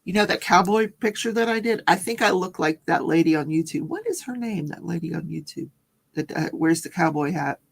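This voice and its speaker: A woman's voice: lowish voice, animated, a little fast, gravelly, slightly rough. A chatty, giggly woman hosting a casual livestream, reading out viewer comments and reacting to them. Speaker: livestream host. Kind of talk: casual live-stream chat.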